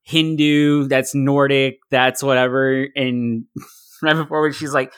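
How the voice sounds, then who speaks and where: A man co-hosting a casual movie podcast, animated, acting out quotes and swearing. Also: medium pitch, takes it slowly, clean tone. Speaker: podcast co-host. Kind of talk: casual chat.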